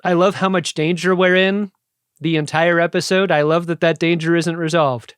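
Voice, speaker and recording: A man co-hosting a podcast in casual, animated chat, joking and slipping into quick impressions. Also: on the high side, clean tone, no echo, clean studio sound. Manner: animated, jokey, slips into impressions. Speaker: podcast co-host.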